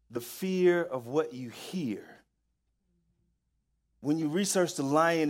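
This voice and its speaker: Emphatic man preaching a sermon. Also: fairly high pitch. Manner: emphatic, repetitive storytelling; builds to loud, excited peaks.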